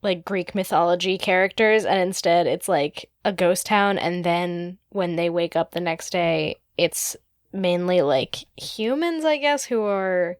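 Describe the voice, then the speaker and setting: A woman's voice: fairly low pitch, a little slow, no room sound, studio quality. A young woman co-hosting a podcast, chatting casually about a book and hedging with many fillers. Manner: hesitant, many filler likes. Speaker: podcast co-host. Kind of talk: casual book discussion chat.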